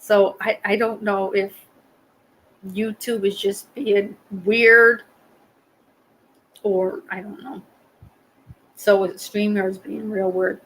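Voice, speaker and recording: A woman hosting a livestream chats loosely with her viewers, rambling and laughing often. Her voice is mid-range and level, she speaks slowly with frequent pauses, and the audio quality is poor.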